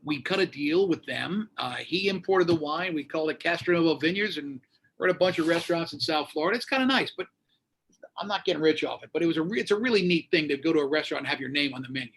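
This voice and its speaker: A Florida-based American radio host talks fast, his voice on the high side. Casually telling a story, he animatedly performs the voices of the people he quotes.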